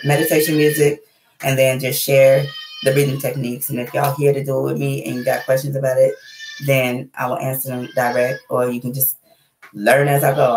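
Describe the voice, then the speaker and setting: Blunt, profane woman in an echoey room. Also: low voice. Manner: blunt, profane, animated and preachy. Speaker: channel host giving life advice. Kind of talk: casual livestream talk.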